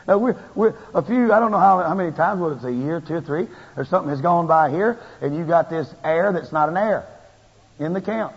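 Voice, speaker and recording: Delivering a sermon, a husky man with a voice slightly high for a male preaches briskly in a folksy, animated way, ramping his emphasis higher and higher to drive each point home. The dull lo-fi tape carries long church-hall reverb.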